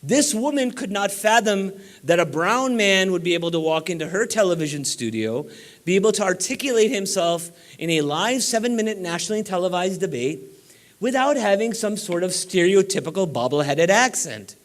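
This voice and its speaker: A man's voice: high voice, lively intonation, moderate pace. A man giving a banquet keynote speech in a room of about four hundred people, urging the audience on with emphatic, exhorting delivery. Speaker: keynote speaker.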